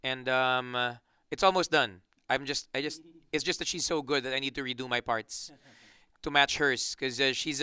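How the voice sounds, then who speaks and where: A Filipino band member in a relaxed, joking interview chat, rambling with restarts. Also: male voice, mid-range voice, smooth, dry recording, studio quality. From Philippines.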